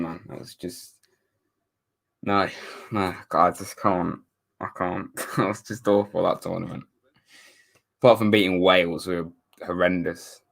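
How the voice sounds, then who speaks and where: A young man from England hosting a live stream, chatting casually and answering viewer comments with rambling, wry asides. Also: deep voice. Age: young adult. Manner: rambling, self-correcting, wry sarcastic asides. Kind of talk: casual watchalong chat reading viewer comments.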